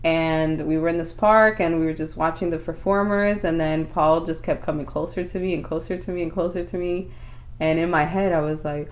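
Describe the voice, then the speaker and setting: A woman's voice: sits low, brisk. A woman co-hosting a podcast, telling a story in casual chat and acting out quotes. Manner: animated, acts out quotes. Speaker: podcast co-host.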